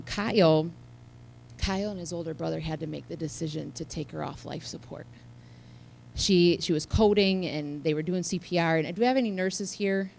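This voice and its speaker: Woman, church testimony, heartfelt storytelling, gravelly fry, lowish voice. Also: rough recording. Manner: heartfelt storytelling, swinging from hushed to loud. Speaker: church speaker sharing a testimony. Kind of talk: personal testimony to a congregation.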